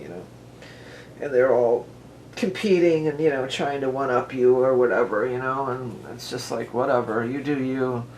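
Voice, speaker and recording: A tarot reader at home, with her dog near, speaks in a rumbling low, slightly mellow voice over faint background noise. The reading is casual and chatty, wandering frequently into side remarks.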